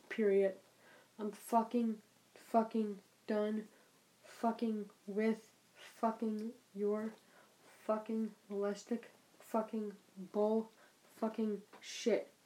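A woman's voice: mid-range voice, mellow, rough recording. A woman angrily dictating a profane message aloud, speaking each punctuation mark as she goes. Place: bedroom at night.

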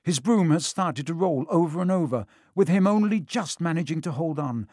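A man narrating a children's storybook in a steady, expressive reading. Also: on the high side, moderate pace, no echo, clean studio sound. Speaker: audiobook reader.

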